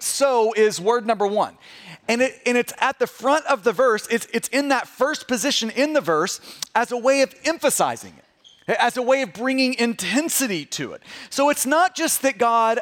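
A man's voice: high-pitched, long reverb tail. A man preaching a sermon as pastor, emphatic, stressing words with swells and drops, often repeating and restarting words. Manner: emphatic preaching, dropping to hushed tones for stress.

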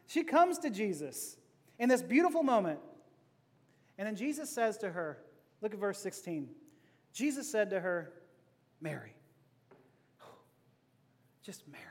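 A man preaching a sermon, playful and joking, dropping from loud to hushed and back. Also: high-pitched, big-room sound. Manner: playful, laughing asides, swings from loud to hushed. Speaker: pastor.

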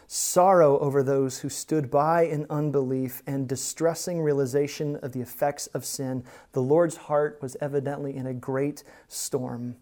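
A man preaching a sermon as pastor, earnest and conversational, moving between hushed moments and emphatic stretches. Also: fairly high pitch. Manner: conversational asides to the congregation.

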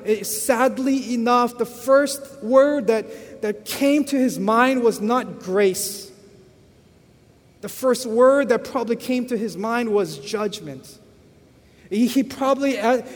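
A male pastor telling a story in a sermon, animated and often repeating words as he addresses the congregation. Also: very high voice. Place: church. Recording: echoey church hall.

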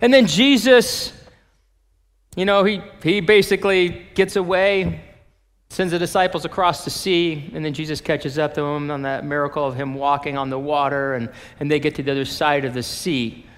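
A male pastor preaching a sermon, telling the story in an animated way and acting out the people in it. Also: fairly high pitch, normal speed. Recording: long reverb of a large hall.

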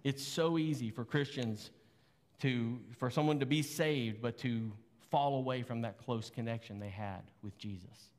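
A man's voice: mid-range voice, a little slow, a little mellow, long reverb tail. A man preaching a sermon as pastor, earnest and conversational, with rhetorical questions.

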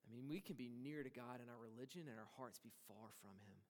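A man preaching a sermon as pastor, moving between hushed lines and emphatic ones and acting out the voices he quotes. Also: mid-range voice, fairly quick, big-room sound.

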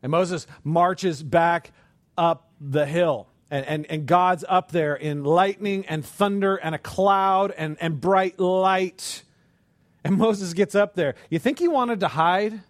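Animated preacher man, higher voice. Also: slow, dry recording. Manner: animated, rhetorical questions, repeats words. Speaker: pastor. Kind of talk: sermon.

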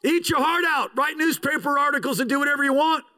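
A man in his fifties from the United States preaching a sermon as pastor, animated, sometimes shouting and sometimes slowing down hard for emphasis. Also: very high voice, rough recording.

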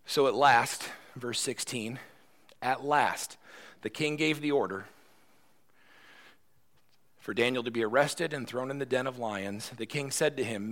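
A man's voice: medium pitch, moderate pace, fairly bright tone. A male pastor giving a conversational sermon, retelling a story and often checking in with "right?".

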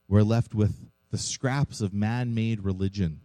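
Casting: male pastor, earnest sermon delivery, low voice, very warm and mellow tone. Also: steady tone, a little slow, dry recording, rough recording. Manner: earnest preaching with rhetorical questions.

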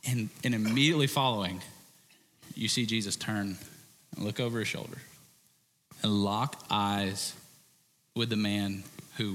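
A male pastor preaching an animated sermon, acting out quoted voices and swinging between loud and hushed passages. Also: fairly low pitch, a little slow, big-room sound, a little hiss or hum.

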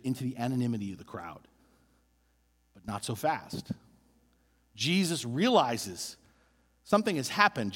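A man preaching a sermon as a pastor, animated and building emphasis through repeated phrases. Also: mid-range voice, breathy edge, long reverb tail.

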